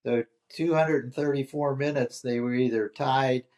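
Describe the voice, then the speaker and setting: A man's voice: mid-range voice, steady tone, moderate pace, darkish tone. Terse older man guest. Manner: terse, dry, leads with questions. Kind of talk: casual chat.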